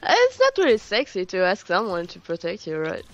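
A woman's voice: medium pitch, wildly swooping pitch, a little fast, slight background noise. A woman chatting casually with friends while gaming, hesitant and giggly, often repeating her words. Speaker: gamer on voice chat. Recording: muffled lo-fi voice chat.

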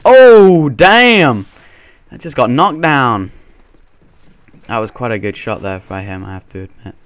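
Joking, low-voiced man on gameplay commentary. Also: animated, moderate pace, pushed and bright. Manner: playful, jokey, laughs often. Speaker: gaming commentator.

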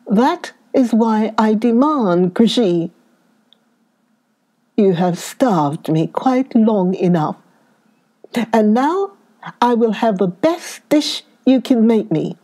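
A woman's voice: fairly high pitch, lively intonation, slow, pauses often, warm tone. A woman reading a children's storybook aloud, voicing a hungry old woodman who talks earnestly about his dinner. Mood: demanding. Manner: earnest and pleading.

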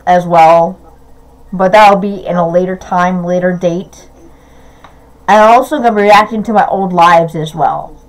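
A young woman streamer reacting to her own old clips. She talks casually, giggles a lot, breaks into loud outbursts and swears freely. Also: fairly low pitch, steady tone, measured pace. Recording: noisy with clicking sounds.

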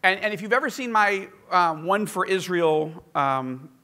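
American man, author, casual storytelling, self-deprecating, high-pitched. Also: a little slow. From United States. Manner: animated, self-deprecating, acts out quotes. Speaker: author and podcast guest.

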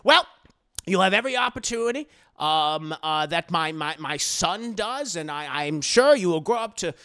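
A man voicing a blustering older aristocrat with a loud, pompous manner. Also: a little high, lively intonation, normal speed, clear, resonant tone. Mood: stately.

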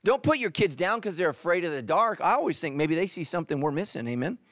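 A middle-aged male pastor preaching a sermon, animated, swinging from loud emphatic peaks to hushed, quiet lines. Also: fairly high pitch, fast talker. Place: church stage.

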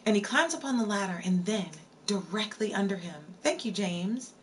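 A woman streamer spins a spooky tale for her viewers in an easy, chatty way. She repeats her lines, stops to answer the chat, then goes back to the story. Her voice sits at a middle pitch. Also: animated, moderate pace, a little hiss or hum. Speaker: live streamer. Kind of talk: storytelling on a livestream.

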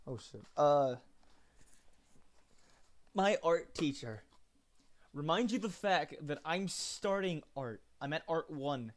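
A man talks on his gaming stream in a loose, offhand way, cursing as he tells stories. His voice sits a bit high for a man. He sounds close to a headset or desk mic. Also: lively intonation, slow pace, long pauses, slight background noise. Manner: loose, swears freely, jumps between story and game. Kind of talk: casual chat while gaming.

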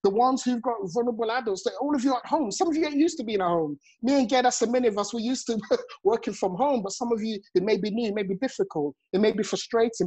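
A man's voice: sits high, a little mellow, slightly rough, low-quality recording. A man in his forties hosting a motivational live chat over a phone, effusive and chuckling often. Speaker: host and network marketing coach.

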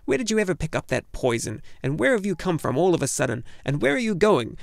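A man voicing a sharp-tongued, impatient old female gnome healer in a storybook reading. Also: on the high side, very animated, fast, gravelly, no room sound, clean studio sound, voice pushed up. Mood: brusque. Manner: scolding, impatient.

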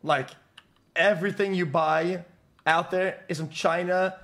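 Profane, ranting streamer man, slightly high. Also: fairly even intonation, unhurried, gravelly, fairly bright tone. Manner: profane, blunt, mocking, restarts a lot. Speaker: live streamer. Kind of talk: casual rant to chat.

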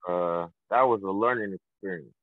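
A man's voice: low voice, moderate pace, no echo. A young man, a boxer, talking loosely on a call-in interview, rambling with lots of fillers and restarts. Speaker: professional boxer, guest. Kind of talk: casual phone interview. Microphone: phone. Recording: tinny dry phone line.

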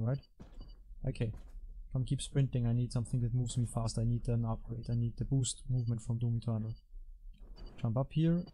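Mellow-voiced man ranting through gameplay. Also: mid-range voice, a little hiss or hum. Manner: rambling, self-mocking, frequent exasperated outbursts at teammates. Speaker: gaming channel host. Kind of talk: casual gameplay commentary.

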